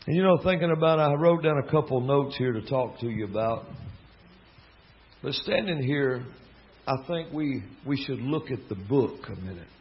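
A man's voice: mid-range voice, expressive, moderate pace, highs cut off. A man from Alabama with a Southern drawl, a gospel singer and preacher telling joking stories from the pulpit. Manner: joking, drawling, storytelling with asides. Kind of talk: folksy storytelling sermon.

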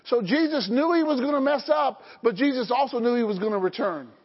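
A man with a very high voice preaches a sermon, animated and theatrical, acting out scenes as he goes. His voice rings with a long church reverb. The audio sounds a little dull and lo-fi. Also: a little fast. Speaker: pastor. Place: church sanctuary.

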